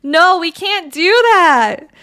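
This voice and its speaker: Bright high-voiced woman streamer. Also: lively intonation, slow pace. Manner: crude, giggly, banters with chat. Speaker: VTuber streamer. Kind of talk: casual livestream chat.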